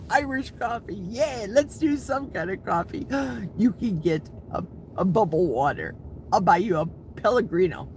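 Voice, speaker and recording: A little hiss or hum runs under this clip of a sixty-something man from Wisconsin, out in a forest, reading his viewers' comments during a live chat. He sits high in pitch, sounds animated at a normal speed, and talks right to his audience with frequent laughter.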